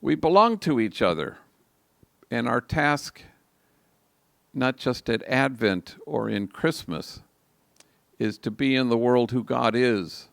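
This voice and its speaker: A man's voice: medium pitch, animated, a bit bright, no echo, studio quality. An older man, a priest, telling a story in a reflective homily at a live liturgy. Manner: slow, reflective, gravelly delivery.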